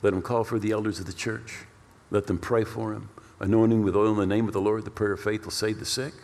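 A male pastor preaching a storytelling sermon in an animated way, repeating words for emphasis. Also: lowish voice, fast, vocal fry. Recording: long reverb of a large hall.

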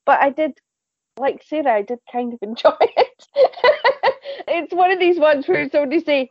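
A woman reviewing TV shows as a podcast panelist, chatty and animated, often stumbling and repeating words. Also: sits high, moderate pace, long pauses, no room sound, highs cut off. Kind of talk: casual review chat.

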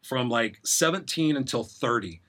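A man's voice: mid-range voice, expressive, moderate pace, a bit bright. A middle-aged man telling a rambling personal story as an interview guest, acting out the voices of people he quotes.

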